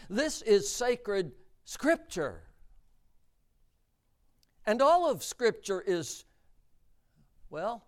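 A man preaching a sermon, emphatic and deliberate, repeating key words for stress. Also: sits high.

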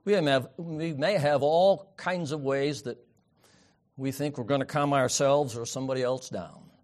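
A man preaching a sermon, swinging from loud emphatic peaks down to soft, quiet asides. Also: mid-range voice, normal speed. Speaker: pastor.

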